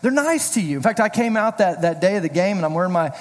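A middle-aged pastor giving a casual, joking sermon, telling personal stories in a chatty way. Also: male voice, sits high, sing-song, quick pace. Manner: chatty, storytelling, self-deprecating jokes. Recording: reverberant hall.

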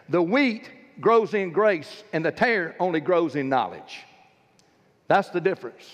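A man's voice: high voice, big-room sound. A man preaching a sermon in a church, telling stories with emphatic, fervent delivery. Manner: storytelling, emphatic, rising to fervent peaks. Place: church sanctuary.

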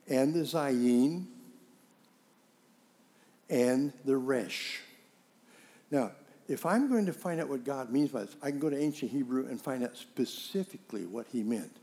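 Man preaching with animated storytelling. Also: medium pitch, measured pace, pauses often. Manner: storytelling with acted dialogue, animated emphasis. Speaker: pastor. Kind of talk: sermon.

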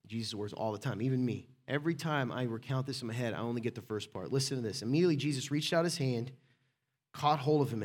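A pastor with a mid-range voice delivers a sermon in a relaxed, chatty style. He teases people in the room by name, and his volume swings between loud and hushed.

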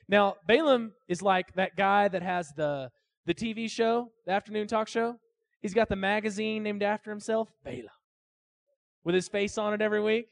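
A man's voice: high voice, fairly even intonation, normal speed, vocal fry, no echo, studio quality. A man preaching a sermon in a casual, joking storytelling manner, speaking asides to his congregation. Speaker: pastor.

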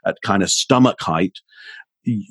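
A man with a slightly husky, breathy voice speaks as an expert guest in an interview. He explains his points patiently, now and then acting out a phrase to show a change of tone. The sound is dry and close. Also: lowish voice, a little slow, a bit bright, dry recording. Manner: explanatory, demonstrates intonation with his voice. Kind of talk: podcast interview.

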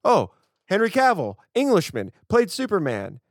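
A man's voice: high voice, huge pitch swings, normal speed, no echo. A man from the United States co-hosting a casual film podcast, ranting emphatically with sarcastic asides. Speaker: podcast co-host.

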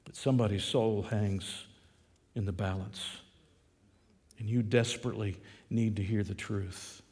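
A male pastor preaching an impassioned sermon, telling a story dramatically with big swings in pitch and loudness. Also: fairly even intonation, measured pace, slightly rough, in a large hall. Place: church.

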